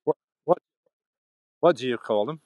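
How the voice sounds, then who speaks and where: Man, casual walking vlog, rambling chatty talk, middling pitch, dry sound. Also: expressive, measured pace, a little mellow, no room sound. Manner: chatty, rambling, restarts often. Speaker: vlogger. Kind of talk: casual chat while walking. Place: outdoors in a churchyard.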